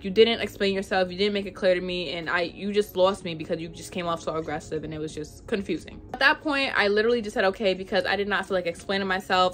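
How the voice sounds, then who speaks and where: A young woman vlogger telling a storytime in casual, animated chat, full of "like". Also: on the low side. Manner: chatty, animated, says "like" a lot.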